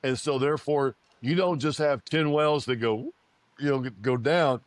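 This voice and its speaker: A man's voice: fairly high pitch, normal speed, no room sound. A man in his fifties, an oil and gas company founder, giving an interview and telling a story, repeating phrases and acting out quoted dialogue.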